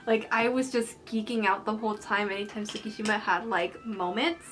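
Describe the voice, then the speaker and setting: A young woman in a casual vlog, rambling excitedly about an anime episode while she does her makeup, gushing like a fan. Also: mid-range voice, normal speed, faint music behind. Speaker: anime review vlogger.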